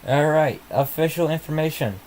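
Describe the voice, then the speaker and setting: A man's voice: a little high, moderate pace, a little mellow, a little hiss or hum, low-quality recording. A man hosting an informal live stream, rambling and muttering to himself as he waits for updates, sounding sleepy. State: sleepy, yawning. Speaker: livestream host. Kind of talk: casual live commentary.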